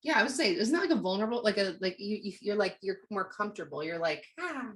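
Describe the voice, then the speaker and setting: A woman's voice: mid-range voice, animated, fast talker, a bit bright. A young woman co-hosting a podcast, chatting casually with a breezy, laughing manner. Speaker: podcast co-host. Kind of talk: casual chat.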